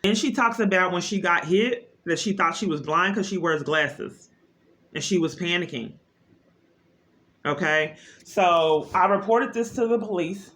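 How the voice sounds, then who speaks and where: A woman's voice: lowish voice, a little slow, a bit bright. Earnest, agitated woman keeping a video diary. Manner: earnest and agitated, with frequent restarts. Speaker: parent recording a video diary. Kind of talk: personal video diary, recounting events.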